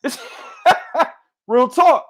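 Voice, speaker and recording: A man hosting a boxing podcast, talking in a loud, passionate and profane casual way. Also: very high-pitched, very slow. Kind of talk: heated casual chat.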